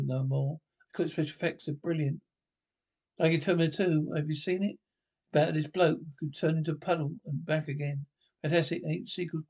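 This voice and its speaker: A man's voice: fairly high pitch, darkish tone, husky. An actor playing a simple young man who rambles about how brilliant everything is, in a sketch comedy show. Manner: childlike enthusiasm, rambling.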